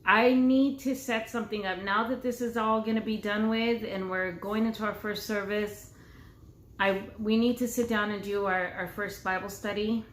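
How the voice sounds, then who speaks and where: A woman's voice: mid-range voice, steady tone, normal speed. Woman, co-pastor, casual chat, playful, echoey room, faint hiss. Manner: chatty and playful, teasing. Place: home room.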